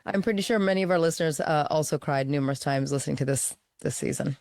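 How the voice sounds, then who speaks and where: Woman, podcast host, deep voice, gravelly fry, dry close sound. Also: quick pace, a little mellow, no room sound. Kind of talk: podcast interview.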